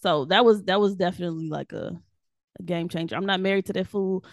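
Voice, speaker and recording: Lively woman telling her story. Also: lowish voice, quick pace, dry recording, studio quality. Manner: animated storyteller, laughs often. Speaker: guest, devotional author. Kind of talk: casual faith chat.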